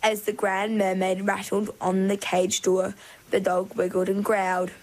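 A woman narrating a storybook in an expressive, measured way. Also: mid-range voice, low-quality recording.

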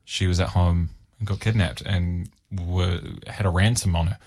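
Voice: sits low, steady tone, normal speed, darkish tone, slightly rough. A young adult chatting casually, telling a story with many hesitations. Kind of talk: casual chat.

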